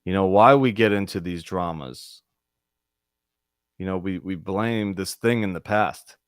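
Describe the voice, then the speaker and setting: A man with a fairly low voice hosts a spiritual group on a video call, speaking earnestly and loosely, often circling back on his words. His sound is dry and close. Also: a little slow, smooth, no room sound. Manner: earnest, repetitive, searching phrasing. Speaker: host of a spiritual discussion group. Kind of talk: casual spiritual talk.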